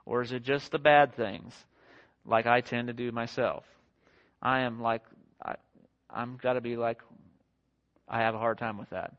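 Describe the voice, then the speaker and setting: A young married pastor preaches to his congregation in a conversational, self-deprecating style, slipping into quick acted-out quotes. His voice is medium-pitched and steady, and the sound is dull and lo-fi.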